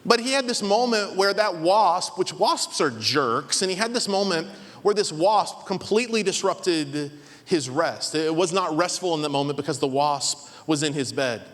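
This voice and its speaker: High-voiced pastor guy, lively storytelling sermon, big echoey church. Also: moderate pace. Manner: animated, acts out voices in his stories. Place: large church hall. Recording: long hall reverb.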